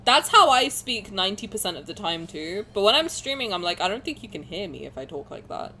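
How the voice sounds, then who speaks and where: A young woman streaming a game, chatting casually with viewers, swearing, getting excited, with a sore throat. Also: mid-range voice, a little fast, a little hiss or hum.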